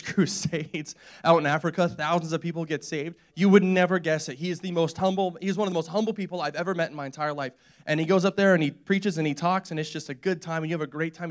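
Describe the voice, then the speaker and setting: Young male preacher, slightly high voice, casual storytelling sermon with humorous asides. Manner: conversational, storytelling with quoted voices, joking asides. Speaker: pastor.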